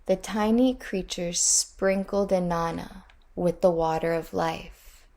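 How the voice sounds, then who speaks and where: A woman reading a storybook aloud in a measured, deliberate way. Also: lowish voice, fairly even intonation, darkish tone.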